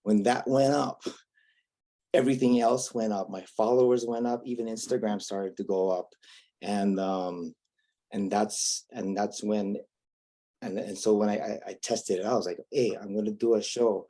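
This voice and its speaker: A man's voice: on the low side, steady tone, moderate pace, dark tone. A man from Hawaii with a Hawaiian accent, chatting as a guest comedian in a laid-back, wry, self-mocking way. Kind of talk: casual interview chat.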